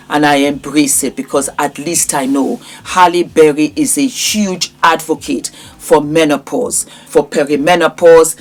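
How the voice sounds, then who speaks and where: A woman in her fifties talking warmly and emotionally to her viewers in a casual vlog. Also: low voice, steady tone, moderate pace, hardly any pauses. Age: 50s. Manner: warm, emotional, grateful. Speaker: vlogger.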